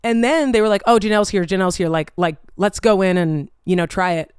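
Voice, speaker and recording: A woman hosts her own vlog, telling a story in a casual, animated way, swearing freely and using "like" a lot. Her medium-pitched voice is fast and smooth, recorded in clean studio sound with no room echo.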